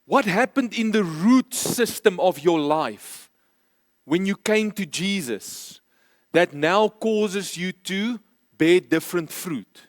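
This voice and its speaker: A man's voice: sits high, lively intonation, slow pace, no room sound, studio quality. A man preaching a sermon, emphatic and repeating key phrases for stress. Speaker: pastor. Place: church.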